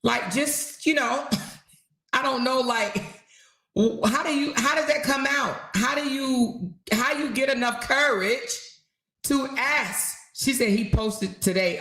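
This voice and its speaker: A woman's voice: high-pitched, unhurried, fairly bright tone. A woman hosting a live talk stream, chatting animatedly with viewers, laughing often and speaking straight to her audience. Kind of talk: casual gossip chat with live viewers.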